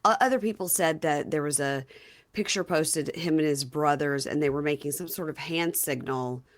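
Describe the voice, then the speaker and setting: A chatty woman hosts a podcast, recapping a reality show in a loose, conversational way. Her voice sits a little on the low side, and she retells scenes with lively energy. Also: normal speed. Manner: chatty, animated retelling with quoted lines. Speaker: podcast host. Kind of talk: casual recap chat.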